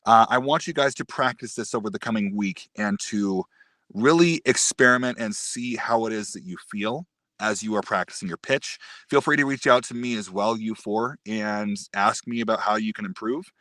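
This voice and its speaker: A man's voice: lowish voice, normal speed, sharp tone, no room sound. Dry-voiced man teaching a voice lesson. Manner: encouraging, explanatory, demonstrates vocal techniques. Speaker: voice acting teacher. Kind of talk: live-streamed voice lesson.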